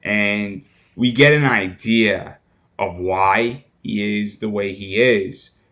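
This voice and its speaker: A man with a fairly low voice hosts a relaxed interview. He rambles and thinks out loud, circling back and restarting his sentences as he goes. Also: slow. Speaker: podcast host. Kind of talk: casual interview chat.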